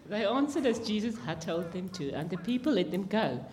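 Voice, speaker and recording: A woman reading a Bible passage aloud in church, plain and steady, with small slips. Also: medium pitch. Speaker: scripture reader.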